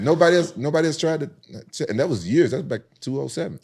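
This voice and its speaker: A man from Memphis, a podcast guest telling profane, animated stories about street fights and jumping high in pitch to quote other people. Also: rapid-fire, few pauses. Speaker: podcast guest, former UFC champion. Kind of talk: casual storytelling.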